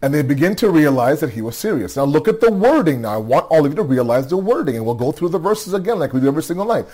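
This man sounds tired and yawns as he shares a religious story at a nightly gathering, speaking fast in a slightly high, sing-song, somewhat mellow voice. Conversational in manner, he restarts phrases often and asks "okay?" to check in.

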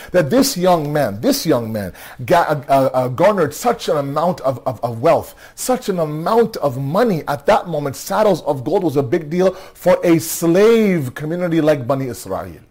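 A man giving an earnest sermon-style Quran lesson, asking rhetorical questions, repeating words for emphasis and reciting Arabic verses quickly. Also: on the high side, darkish tone, husky. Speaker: religious teacher.

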